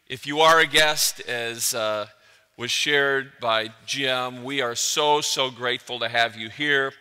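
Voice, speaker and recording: A man's voice: mid-range voice, bright, forceful tone, clean tone. A man preaching a sermon as pastor, earnest and building emphasis through repeated phrases. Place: church sanctuary. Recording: echoey church hall.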